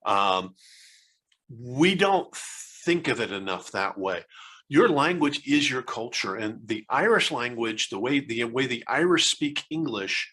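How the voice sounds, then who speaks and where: A man's voice: mid-range voice, animated, measured pace, bright, forceful tone, husky. An American man in his sixties, a guest telling stories in a casual interview, rambling and hesitant with many fillers and restarts. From United States.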